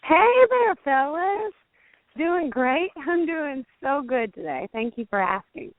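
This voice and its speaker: A woman's voice: high-pitched, big pitch swings, slow. A Southern woman country singer, upbeat and chatty, calling in from outdoors for a phone interview. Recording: tinny phone line.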